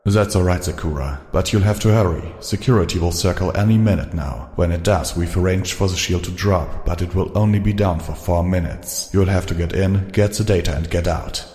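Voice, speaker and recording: Man playing a brisk, commanding pony officer, deep mellow voice. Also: roomy sound, big-room sound, lightly acted. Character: stern male pony security officer, pragmatic.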